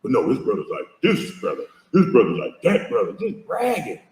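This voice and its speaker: A man's voice: medium pitch, wildly swooping pitch, a little fast, darkish tone, distant mic. A man hosting a heated reaction commentary, mocking and confrontational and swearing a lot. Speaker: host reacting to a video clip. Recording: echoey room, speaker off mic.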